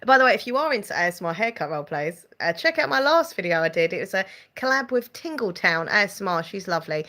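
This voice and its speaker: A woman's voice: medium pitch, sing-song, fast talker, pushed and bright. A woman hosting a casual live-stream chat, giggling often and reading out viewer comments. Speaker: channel host chatting with live viewers.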